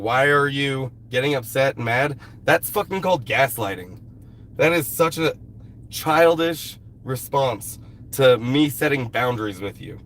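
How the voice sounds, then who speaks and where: A man's voice: medium pitch, a little hiss or hum. A man chatting casually on a live stream, blunt and swearing freely, fighting a cold. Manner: blunt, heavy swearing, irritated with a commenter. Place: outdoors at a rural camp.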